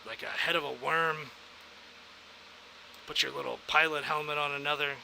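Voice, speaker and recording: A man with a strongly gravelly, very bright and forceful voice plays a veteran in a sci-fi role-play. He talks in an easygoing, fatherly way, over faint background noise. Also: a little high, normal speed, poor audio. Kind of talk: in-character role-play chat.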